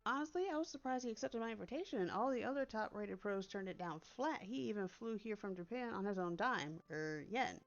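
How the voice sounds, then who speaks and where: A woman voicing a chipper, eager AI assistant that lives in a phone, talking quickly and brightly in a game read-through. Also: medium pitch, expressive, dull audio, lightly acted.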